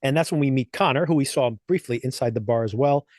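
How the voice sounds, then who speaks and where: A man's voice: mid-range voice, fast talker, darkish tone, no room sound, clean studio sound. A man co-hosting a podcast, chatting casually as he recaps and reviews TV episodes, laughing often between thoughts. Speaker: podcast co-host.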